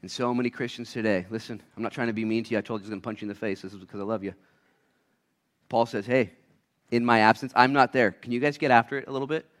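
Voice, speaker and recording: A man preaching a sermon as a pastor, acting out little voices, swinging between loud shouts and quiet asides. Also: medium pitch, steady tone, fast talker.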